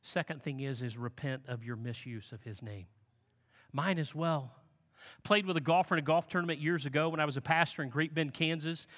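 A male pastor delivering a sermon in a bright, forceful voice that sits a little high for a man. His delivery swings from hushed reflection to loud, animated storytelling. The sound carries a long reverb, as if filling a large hall. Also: brisk.

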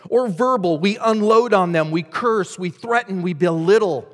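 Dramatic preacher with a high voice. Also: male voice, normal speed. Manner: dramatic, dynamic delivery with acted voices. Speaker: pastor. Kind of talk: sermon. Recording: long hall reverb.

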